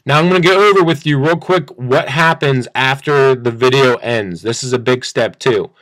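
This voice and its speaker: A man teaching a sales pitch in an upbeat, repetitive way, acting out both sides of a phone call. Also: moderate pace, fairly bright tone, dry recording. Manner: upbeat, repeats phrases, acts out phone dialogue. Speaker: sales coach. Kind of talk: screen-share training talk.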